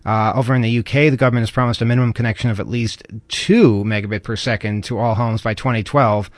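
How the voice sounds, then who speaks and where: A man's voice: medium pitch, fairly even intonation, fast, no echo. A man hosting a podcast, reading out news items and chatting in a conversational, mildly wry way. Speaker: podcast host.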